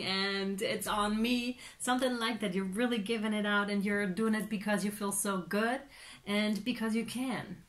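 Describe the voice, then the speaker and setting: A woman giving a casual tarot reading, chatty and animated, with many fillers and playful acted-out reactions. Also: mid-range voice. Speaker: tarot reader.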